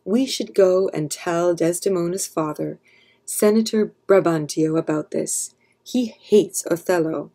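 A woman's voice: lowish voice, measured pace, mellow. A woman reading aloud, voicing a sly, resentful male soldier who schemes and sometimes whispers. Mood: scheming.

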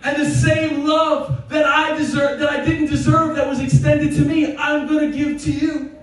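A man preaching a sermon as pastor in a church, impassioned and at times shouting with laughter. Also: very high voice, flat delivery, moderate pace. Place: church sanctuary. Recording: echoey hall from far off. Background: congregation responding.

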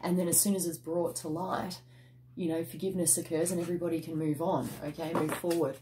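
A woman's voice: lowish voice, flat delivery, brisk, background noise. A woman giving a casual tarot reading, chatty and emphatic with mild swearing and a habit of ending lines with "okay?". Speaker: tarot card reader.

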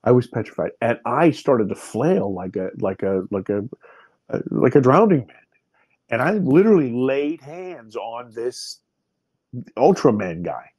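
A man's voice: mid-range voice, sing-song, measured pace, darkish tone, breathy edge, dry recording. A man in his fifties, a podcast guest, vividly retelling a personal experience with many restarts. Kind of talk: personal storytelling in an interview.

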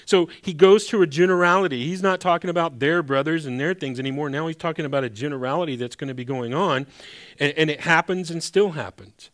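A man's voice: fairly high pitch, quick pace, fairly bright tone. A man preaching a sermon as pastor. He speaks in a conversational, emphatic way and often restarts his sentences.

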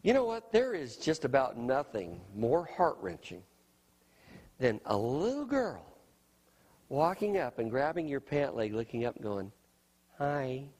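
A middle-aged male pastor preaching a sermon with emphasis, often asking "you know what?" and swinging between loud high phrases and soft low ones. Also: wildly swooping pitch, unhurried, long reverb tail.

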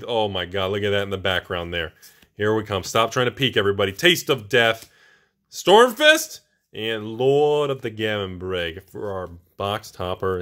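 A man hosting his own channel, opening booster packs and reacting with excited exclamations. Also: on the low side. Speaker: host of a card-collecting channel. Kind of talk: casual booster box opening.

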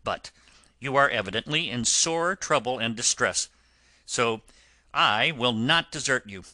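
Man playing a firm engine driver, stern yet kind, slow, bright and tense, dry sound. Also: mid-range voice, lively intonation, no room sound. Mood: kindly. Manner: firm, instructing. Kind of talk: audiobook character voice.

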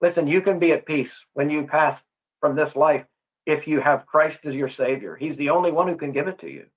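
A man's voice: fairly high pitch, expressive, fairly quick. A man preaching a gospel sermon in earnest, putting questions straight to the listener. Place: gospel hall. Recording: tinny phone-like sound.

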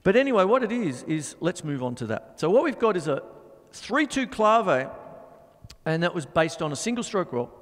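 A man's voice: high voice, very animated, normal speed, in a large hall. A middle-aged man hosting a live drum show, chatting in a rambling way and scatting drum rhythms. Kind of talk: casual live-stream chat and drum demonstration.

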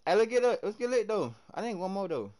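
A young man from the American South streaming a game live, chatting with his viewers in hyped, slangy bursts that swing between loud and soft. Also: high voice, big pitch swings, fast.

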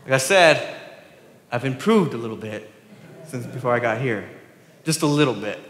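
A pastor with a Southern US accent giving a sermon, joking about himself and asking the congregation rhetorical questions. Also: male voice, medium pitch, animated, moderate pace, fairly bright tone. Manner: self-deprecating, joking with the congregation; asks the crowd rhetorical questions. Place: church sanctuary. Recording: echoey church hall with long reverb.

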